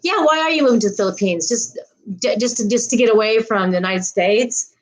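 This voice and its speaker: Woman livestream host with a slightly high voice, chatty and rambling, greets viewers by name. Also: a little fast, low-quality recording. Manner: frequent laughs and restarts. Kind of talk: casual livestream chat.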